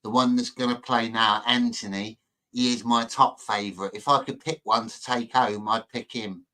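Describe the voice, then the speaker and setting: A man talks over a video he is watching in a loose, mocking, rambling way. His voice is bright and forward, and he trips over his words as he jokes. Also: medium pitch, fairly even intonation, moderate pace. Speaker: host reacting to a video. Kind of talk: casual reaction commentary.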